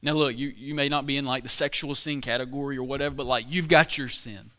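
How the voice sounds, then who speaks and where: A man's voice: mid-range voice, steady tone, fast talker, sharp tone. A young man preaching a weekly sermon in a casual, conversational way, asking the crowd questions and often restarting his sentences. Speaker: pastor.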